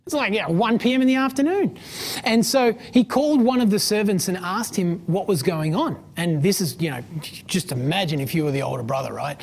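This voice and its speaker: A woman's voice: on the low side, a little fast, gravelly, a little mellow, husky. A woman preaching a sermon in a conversational way, using many fillers and asking questions of her listeners.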